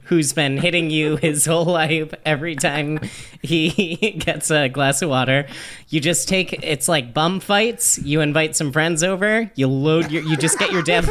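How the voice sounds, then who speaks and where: A man's voice: on the high side, a bit bright. A male podcast guest telling crude jokes, laughing in the middle of sentences. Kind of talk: casual comedy podcast chat.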